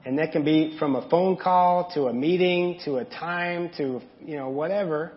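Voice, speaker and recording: An adult man with a parent's maturity preaches a candid, conversational sermon in a church sanctuary, posing questions to the congregation and tossing in asides. His voice sits on the high side and moves at a normal speed. The audio is dull, with a long reverb trailing through the hall.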